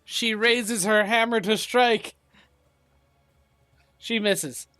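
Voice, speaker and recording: A woman's voice: fairly high pitch, fairly even intonation, very slow, a bit bright, no room sound. A woman narrating a tabletop game as game master, often laughing as she goes.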